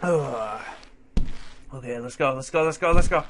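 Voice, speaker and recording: A man's voice: medium pitch, moderate pace, long pauses, a little hiss or hum. A young man casually commentating his gameplay, yelping and swearing at the game and chatting to his cat between runs. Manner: excitable, yelps and swears at the game; talks to his cat between moments of play. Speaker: let's play gamer.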